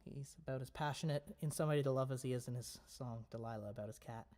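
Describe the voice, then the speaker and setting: A man's voice: mid-range voice, fast, a little mellow. A man hosting a casual home livestream, chatting playfully in rambling asides between a cappella songs. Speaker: livestream host.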